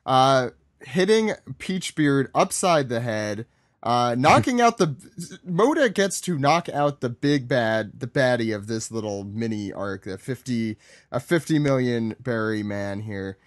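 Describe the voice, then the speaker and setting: Chatty podcast host, dry close sound. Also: male voice, mid-range voice, lively intonation, unhurried, no room sound. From Long Island, United States. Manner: chatty and rambling, with frequent fillers and self-corrections. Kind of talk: casual chat recapping a comic chapter.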